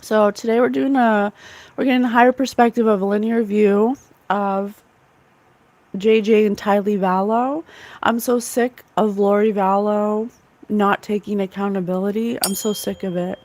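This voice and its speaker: A woman's voice: mid-range voice, fairly even intonation, moderate pace, a little mellow. A woman hosting a psychic livestream, chatting earnestly and emotionally with viewers in the chat. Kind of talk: casual spiritual livestream chat.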